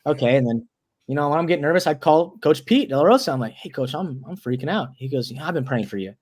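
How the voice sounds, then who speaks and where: A young man in his twenties, a guest on an interview show, telling a story in a loose, animated way, restarting words and leaning on "like". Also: a little high, quick pace. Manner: animated storyteller, acts out quoted voices.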